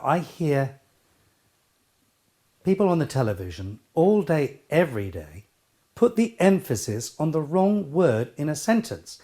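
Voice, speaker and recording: A man's voice: medium pitch, a little mellow. A middle-aged man teaching a speech lesson, with an emphatic, theatrical delivery and playful asides. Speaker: speech and voice coach. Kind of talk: spoken lesson to camera.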